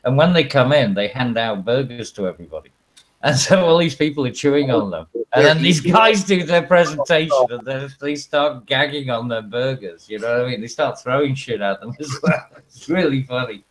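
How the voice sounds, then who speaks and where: A man's voice: mid-range voice, lively intonation, moderate pace, low-quality recording. A man hosting a casual livestream, rambling through stories with crude humor, fillers and frequent laughter. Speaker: stream host.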